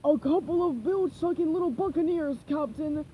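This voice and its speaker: A woman voicing a male pirate henchman with a rasping voice, loud and slow. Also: high-pitched, phone-quality sound, slight background noise, pitched above the performer's own voice, lightly acted. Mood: eager. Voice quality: raspy.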